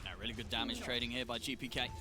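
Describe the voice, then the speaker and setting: Bright, excitable esports play-by-play man. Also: medium pitch, rapid-fire, soft background music. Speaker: esports caster. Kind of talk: play-by-play commentary.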